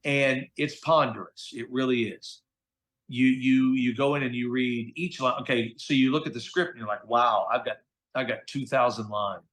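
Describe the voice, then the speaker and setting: A middle-aged man tells stories as a guest in a relaxed interview, at a pitch that is neither high nor low. He talks in an animated, chatty way and drops casual slang as he goes. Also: normal speed. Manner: animated, chatty storyteller, slangy with "dude" and "okay?". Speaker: voice actor guest.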